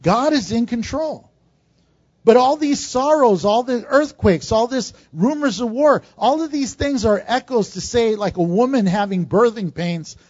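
A man's voice: very high voice, animated, measured pace, darkish tone, no echo. A man preaching a sermon to a congregation in a conversational style, with asides and jokes. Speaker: pastor. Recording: dull, dry recording.

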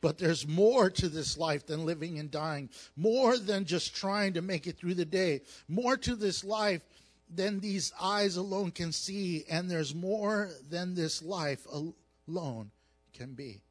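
A man preaching as a pastor, mixing scripture with jokes and animated storytelling. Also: high voice, slow. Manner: animated, jokey storytelling with acted asides. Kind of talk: sermon with humor.

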